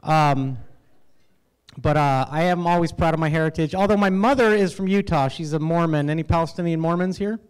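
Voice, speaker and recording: A man from the United States performing an animated, self-deprecating stand-up set at an awards event, with halting fillers. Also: on the high side, smooth. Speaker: stand-up comedian. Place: event hall with audience laughter.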